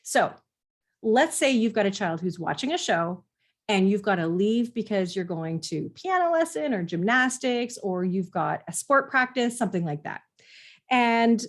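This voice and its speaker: A middle-aged woman, a parenting coach, talking earnestly to parents in a conversational teaching style and sometimes acting out what parents and children say. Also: medium pitch. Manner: earnest, explanatory, acts out quoted parents and kids.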